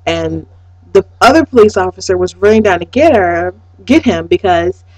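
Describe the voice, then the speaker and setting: A woman casually recapping a TV episode, excitable and profane, swinging from hushed to loud. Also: mid-range voice, no room sound, rough recording.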